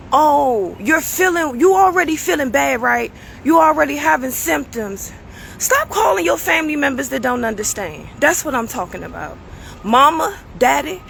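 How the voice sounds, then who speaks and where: High-pitched woman, raspy and worn out, bright pushy voice, preachy casual talk, faint traffic behind. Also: animated, unhurried. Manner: preachy, casual, keeps asking "you understand?". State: strained, tired voice. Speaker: show host. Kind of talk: motivational talk to viewers.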